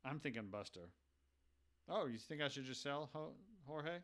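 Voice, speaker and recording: A man chats casually while playing a baseball video game live, thinking out loud as he goes. He keeps turning to his viewers to ask for their advice, in an easy, conversational way. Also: mid-range voice, animated, moderate pace. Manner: thinks aloud, chatty, asks the viewers for advice.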